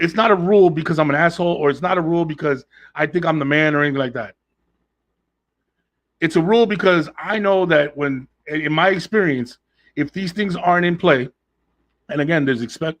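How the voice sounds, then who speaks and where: A male podcast host who talks in a blunt, animated way, loose with slang and swearing. His voice sits a little higher than most men's. He lays down his opinions straight to his listeners in casual solo chat.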